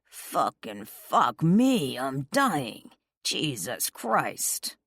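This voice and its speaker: A woman's voice: on the low side, very animated, normal speed, dry recording, studio quality. A woman reading an arrogant young rock star man who growls and talks cocky, in an audiobook. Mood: defiant.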